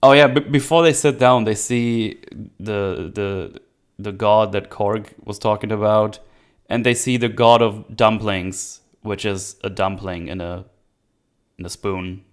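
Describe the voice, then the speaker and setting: A young man with a low, clean, smooth voice talks through a movie scene by scene in a loose, casual chat. He is animated and mocking, and keeps slipping into jokey quotes from the characters. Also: unhurried. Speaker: podcast host.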